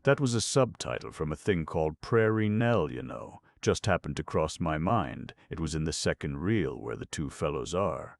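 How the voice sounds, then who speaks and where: A bumbling, good-natured young gentleman from a comic storybook, plaintive and full of slang, as a man reads him. The voice sits very low with a gravelly edge and a lively, swooping intonation. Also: moderate pace, few pauses, no echo, clean studio sound, heavily acted.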